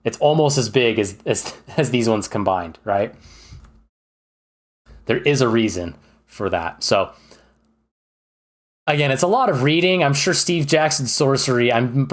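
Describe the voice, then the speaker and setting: Male streamer, casual game talk, eager and rambling, mid-pitched voice, lots of ums. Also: animated, moderate pace, pauses often. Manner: chatty and rambling, with many fillers; enthusiastic. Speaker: streamer ranking games. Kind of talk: casual livestream commentary.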